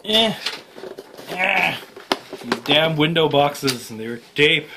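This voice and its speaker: A man's voice: on the high side, lively intonation. Joking man unboxing toys, noisy room. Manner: joking, rambling, quick asides. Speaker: toy reviewer host. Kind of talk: casual unboxing chat. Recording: loud background noise.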